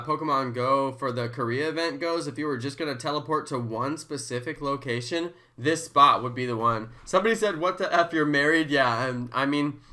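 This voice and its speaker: Bright, hyped-up streamer in his thirties. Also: a little high. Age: 30s. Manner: excitable, hyped, chanting. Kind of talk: casual live-stream chat.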